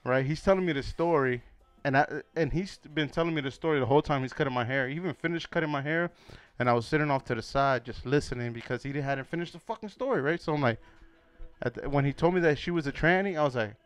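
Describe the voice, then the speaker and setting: Young man, podcast co-host, profane storyteller, animated, smooth clear voice. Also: on the high side, quick pace, dry recording. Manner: animated, profane, laughs often, acts out voices. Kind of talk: casual storytelling chat.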